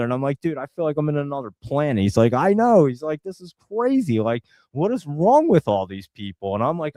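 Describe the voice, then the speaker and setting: Middle-aged man, casual storyteller, lively pitch that jumps around, high voice, dry close sound. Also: no room sound. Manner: animated, laughing storyteller. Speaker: host of a live stock market show.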